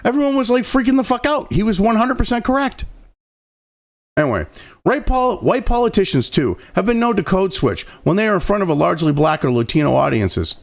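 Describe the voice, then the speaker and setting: Gravelly, swooping, foul-mouthed male ranter. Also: high voice. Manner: profane and mocking, with frequent outbursts; stumbles and restarts while reading aloud. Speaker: political commentary host. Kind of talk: ranting commentary over a read-aloud article.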